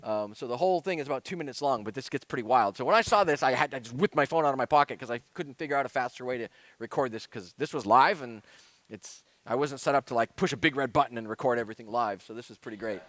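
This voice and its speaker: A man's voice: mid-range voice, fast talker, fairly bright tone, no room sound. A man giving a casual conference talk, rambling and chatty, with many fillers like "uh" and "like". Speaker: conference speaker.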